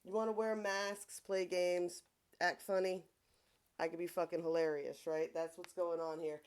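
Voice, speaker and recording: A woman's voice: lowish voice, flat delivery, moderate pace, clean tone. A woman with a Long Island accent giving a casual tarot reading, chatty and profane, often tagging her points with a questioning "right?". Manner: chatty, keeps asking "right?", swears freely. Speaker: tarot reader.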